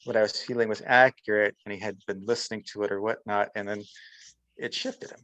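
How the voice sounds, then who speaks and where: A man's voice: on the low side, little pitch movement, fast, a bit bright, no room sound, low-quality recording. A man as an interview guest, telling a personal story in casual chat and voicing the people he quotes. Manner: storytelling, often acting out quotes of others.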